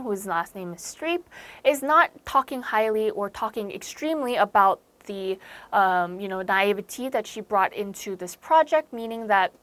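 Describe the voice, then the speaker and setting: A woman's voice: mid-range voice, a bit bright. A young American woman teaching English vocabulary in an online lecture, chatty, explaining each word by rephrasing it and using plenty of fillers. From United States.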